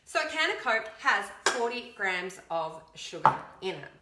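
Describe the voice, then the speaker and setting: A woman's voice: medium pitch, sing-song, a little slow, heavy background noise. An upbeat woman, a fitness coach chatting casually to camera while counting aloud. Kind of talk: casual video chat. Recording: echoey room.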